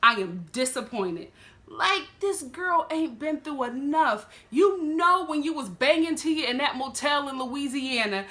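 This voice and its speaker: A woman's voice: high voice, animated, measured pace, sharp tone. A woman with a Southern US accent giving sassy, emphatic commentary as a vlogger reviewing a reality show. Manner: sassy, emphatic, talks straight to the camera and the show's people. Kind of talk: animated casual commentary.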